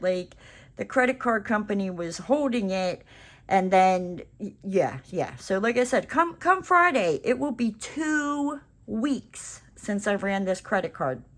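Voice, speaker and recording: A woman's voice: medium pitch, a bit bright. A woman craft vlogger telling a story in a casual, rambling chat, full of "like" and "you know" fillers.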